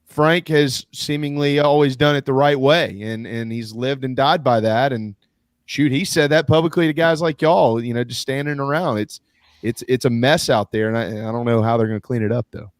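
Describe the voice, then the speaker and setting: Male sports talk host, middle pitch, easygoing banter, dry close sound. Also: fairly even intonation, no echo. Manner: easygoing, quick to laugh and tease. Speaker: radio host. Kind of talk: casual sports radio talk.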